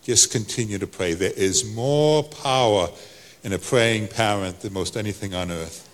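A male pastor, preaching a sermon that swings from soft to loud. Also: lowish voice, normal speed, long reverb tail.

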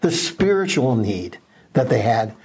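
A man's voice: medium pitch, big pitch swings, unhurried, darkish tone, slightly rough. A man co-hosting a casual Bible discussion podcast, talking earnestly and with emphasis, with many ums and restarts. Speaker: podcast co-host.

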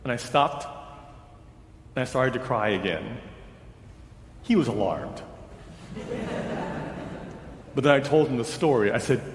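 A man's voice: mid-range voice, expressive, unhurried, pauses often, a little hiss or hum. A male pastor telling a personal story during a sermon, in a conversational storytelling way. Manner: conversational storyteller, voices others' lines in quotes. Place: church sanctuary. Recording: roomy church with long reverb.

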